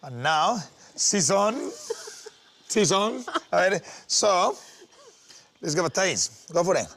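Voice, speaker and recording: Animated, teasing male cooking host. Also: sits high, takes it slowly. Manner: teasing, laughs often, animated. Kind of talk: playful on-air chat while cooking.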